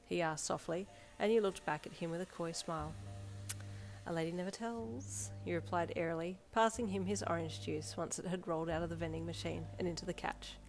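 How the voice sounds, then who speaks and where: A woman narrating a second-person fan fiction story in a steady storytelling voice. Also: fairly low pitch, fast, few pauses. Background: soft backing music.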